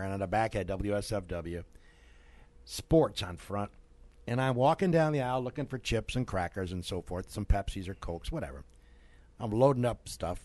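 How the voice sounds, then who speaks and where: A middle-aged man hosting a local radio show, telling a story in a studio with lively asides and laughs. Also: fairly low pitch, no room sound. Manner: animated storyteller, laughs mid-sentence. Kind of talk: casual storytelling and sponsor reads.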